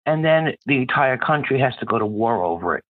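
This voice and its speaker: A man's voice: mid-range voice, animated, brisk, no room sound. A man calling in to a political talk show, delivering an impassioned rant. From Ireland. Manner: impassioned, ranting. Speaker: caller. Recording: phone-line call.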